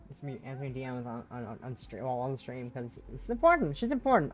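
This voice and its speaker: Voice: mid-range voice, animated, fast talker. A streamer rambling and swearing casually during a visual novel playthrough.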